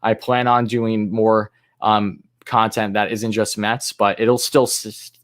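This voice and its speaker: A man's voice: lowish voice, level tone, slow pace. A man hosting a live fan stream, calling plays in an announcer-like way between casual, hesitant answers to chat. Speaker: livestream host and fan commentator.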